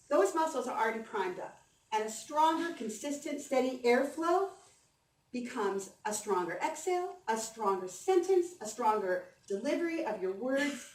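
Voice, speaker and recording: An upbeat woman voice coach speaks to a conference audience, her voice a bit high. It is recorded from a distance in an echoing hall with faint background noise. She coaches warmly and keeps the audience engaged. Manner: upbeat, encouraging, leads audience through breathing exercises. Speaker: voice coach giving a conference talk. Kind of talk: presentation on stage. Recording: roomy hall sound from a distance, faint ambience.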